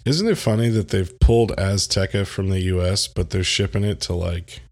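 Low-voiced animated male podcast co-host. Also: moderate pace. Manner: animated storyteller, mimics voices, laughs often. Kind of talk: casual chat.

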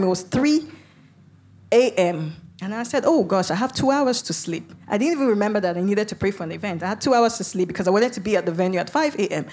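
A woman's voice: medium pitch, a little mellow. A woman preacher telling her testimony in a sermon, dramatic and vivid, with sudden emphatic bursts. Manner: speaks in tongues.

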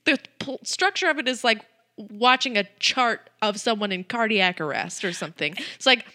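A woman co-hosting a podcast in casual film chat, blunt and wry with quick asides. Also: fairly high pitch, lively intonation, pushed and bright. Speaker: podcast co-host.

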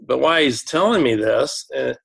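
A man working in school administration, telling a long story in an interview, halting and repeating words as he goes. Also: mid-range voice, expressive, gravelly, a bit bright, husky.

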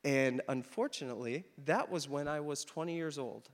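A man's voice: on the high side, moderate pace. Man preaching in a reverberant hall. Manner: storytelling, animated and emphatic. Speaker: pastor. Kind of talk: sermon.

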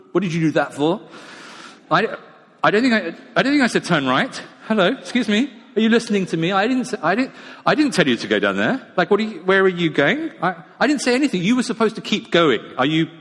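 A man voicing an exasperated, smug talking sat-nav that nags and mocks the driver, his voice jumping high. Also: lively intonation, moderate pace, pauses often, breathy edge. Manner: nagging, mocking, high-pitched outbursts. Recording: long echo of a large hall.

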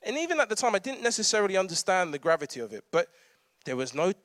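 A man's voice: high-pitched, big pitch swings, racing, fairly bright tone, no room sound, studio quality. A man, preaching a conversational sermon with humorous asides and frequent laughter. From London. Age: 30s.

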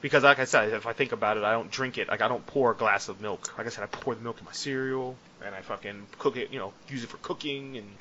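Fast, bright-toned young podcast guy. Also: medium pitch. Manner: rambling, repeats "like I said". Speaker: podcast co-host. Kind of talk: casual chat. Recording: dull lo-fi sound with faint noise.

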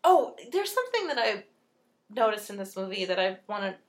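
A woman's voice: mid-range voice, very animated, fairly quick. A woman in a casual movie-review chat, giving her opinions as she thinks them through. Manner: opinionated, thinks aloud with fillers.

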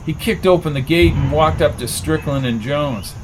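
A man reads a mystery audiobook in an even, measured narration. His voice sits a little high. A faint hum stays under the reading. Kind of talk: scripted narration.

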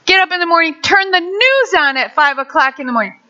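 A middle-aged woman telling a personal faith testimony, animated and acting out what people said. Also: very high-pitched, a little fast, highs cut off. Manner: animated storyteller, acts out quotes.

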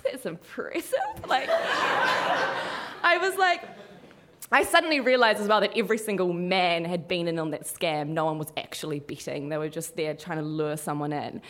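Animated young woman telling a story. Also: mid-range voice. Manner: animated, laughing through the telling. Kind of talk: live storytelling.

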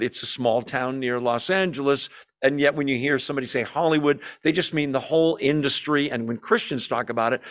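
A man's voice: mid-range voice, fairly bright tone. A man teaching a Bible study in a conversational way, explaining terms plainly with some fillers.

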